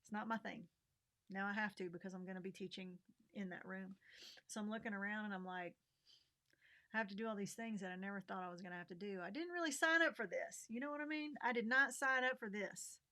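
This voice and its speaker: A woman's voice: medium pitch, quick pace, bright, forceful tone. A middle-aged woman vlogging frankly about her week, venting with swearing, fillers and bursts of laughter. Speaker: vlogger and teacher. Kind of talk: candid personal vlog.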